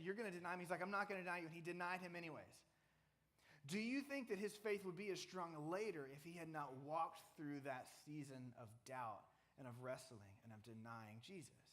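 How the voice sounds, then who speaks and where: A man giving a laid-back sermon, retelling a story in everyday words with frequent restarts. He turns to his listeners with direct questions. His voice sits a little higher than most men's. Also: a bit bright. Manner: conversational, restarts, asks the audience questions. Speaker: preacher.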